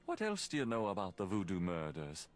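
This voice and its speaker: A probing investigator working through his questions in a mystery adventure game. His pitch swings very widely while he talks, and faint music runs behind him. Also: wildly swooping pitch, brisk. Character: investigating writer questioning people, posing as a priest. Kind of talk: voiced game dialogue.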